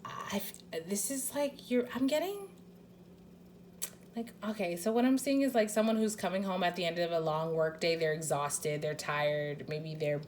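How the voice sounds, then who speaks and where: A woman's voice: low voice, a little hiss or hum. A woman giving a casual pick-a-card tarot reading, chatty and rambling, with lots of fillers, restarts and casual swearing.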